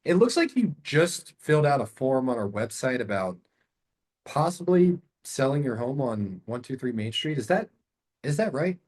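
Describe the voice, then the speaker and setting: A man acting as a calm, curious cold caller. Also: on the high side, moderate pace, husky. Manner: calm, relaxed, curious phone tone. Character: friendly, curious male phone caller.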